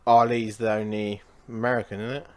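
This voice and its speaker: A man with a British accent co-hosting a podcast, chatting in a relaxed, offhand way with casual swearing. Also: fairly low pitch, fairly quick. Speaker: podcast co-host. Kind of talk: casual chat.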